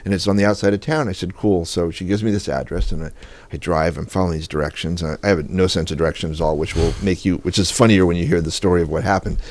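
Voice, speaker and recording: Deep-voiced man telling stories fast. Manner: animated anecdotal storytelling. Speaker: guest photographer. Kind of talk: storytelling interview. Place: radio studio.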